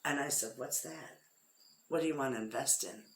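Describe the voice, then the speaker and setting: A middle-aged Midwestern American woman with a low voice chats casually to her viewers and acts out what others said. Her talk rings in an echoey room, with crickets chirping faintly behind her. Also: moderate pace, slight background noise. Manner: chatty storyteller, quotes others in lively voices. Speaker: homestead vlogger. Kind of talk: casual chat to camera.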